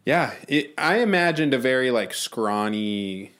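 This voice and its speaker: Easygoing young man, mid-pitched voice. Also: lively intonation, unhurried, a bit bright, a little hiss or hum. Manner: easygoing, agreeable, laughs along. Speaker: podcast co-host. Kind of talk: casual chat after an improv episode.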